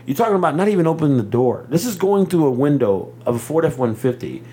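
A man from Texas, co-hosting a podcast and telling a story in a loose, animated way, laughing often and cursing freely. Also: a little high, quick pace, slight background noise. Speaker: podcast co-host. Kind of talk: casual storytelling chat.

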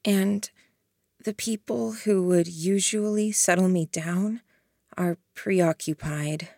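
A woman voicing an unsettling young woman who makes calm, soft-spoken threats. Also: mid-range voice, takes it slowly, creaky, no echo, studio quality. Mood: confiding. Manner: soft, eerily gentle threats.

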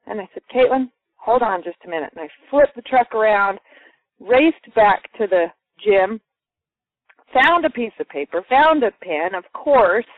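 A woman's voice: mid-range voice, a little slow, dry recording. A woman telling a personal story to a group, acting out the voices of the people in it. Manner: lively, acts out quoted voices. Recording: muffled phone-line sound, dry.

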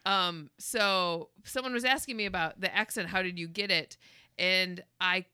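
A woman comedian tells stories on a podcast in a lively, laughing way. Her voice sits a little low but sounds bright and forward. The sound is dry and close. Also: moderate pace, clear, resonant tone, no echo. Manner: lively storytelling with frequent laughs. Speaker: improv comedian guest. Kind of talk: casual podcast chat.

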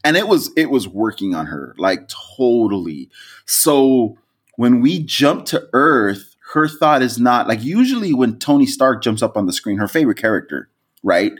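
Animated, swearing male podcast host. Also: moderate pace, slightly rough. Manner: animated storyteller, swears freely, jumps to high laughing peaks. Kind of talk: casual podcast chat.

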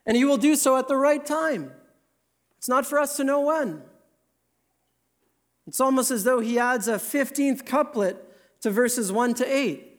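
A man preaching a sermon in an earnest, emphatic way, slowing down to stress key words. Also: very high-pitched.

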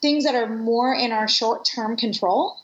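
A middle-aged woman appears as a guest in a conversational interview, speaking reflectively and earnestly about personal stories. Her voice is on the high side and unhurried. The recording has an echoey room and a dull lo-fi sound.

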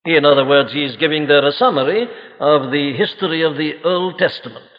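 A man's voice: on the high side, fairly quick. A man preaching a solemn, emphatic sermon to a congregation, asking rhetorical questions. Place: church congregation. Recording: lo-fi archive recording with long hall reverb.

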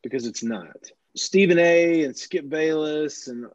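Male sportswriter guest, higher voice, animated anecdote teller, dry close dull lo-fi recording. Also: unhurried, dry recording. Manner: animated anecdotes with frequent restarts. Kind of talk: casual interview storytelling.

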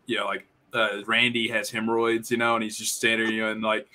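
A man's voice: fairly low pitch, a little fast. A man co-hosting a podcast, telling stories in a casual way with many fillers. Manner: animated storyteller with many fillers. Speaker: podcast co-host. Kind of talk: casual chat.

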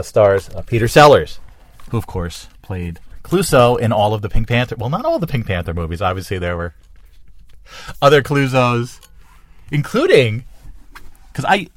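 A man's voice: on the low side, no room sound. Rambling middle-aged man, dry close sound. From New Jersey. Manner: rambling, enthusiastic, self-correcting. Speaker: podcast host. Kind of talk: casual solo monologue.

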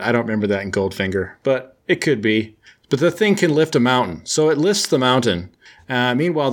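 A man's voice: medium pitch, a bit bright. A man hosting, casually recapping a comic book with joking, sarcastic storytelling.

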